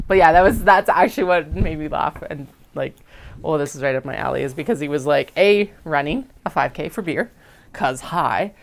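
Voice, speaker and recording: A young woman with a Western Canadian accent talks in a low, rambling way, full of fillers and rising uptalk. She sounds casual and chatty, as if hosting a livestream while she works. There is faint noise in the background. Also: normal speed, creaky. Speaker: sewing livestream host.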